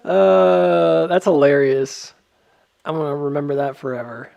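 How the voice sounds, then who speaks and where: A man's voice: fairly high pitch, steady tone, unhurried, vocal fry, darkish tone, highs cut off. A man giving casual stock chart commentary, rambling with lots of ums and laughing at his own jokes.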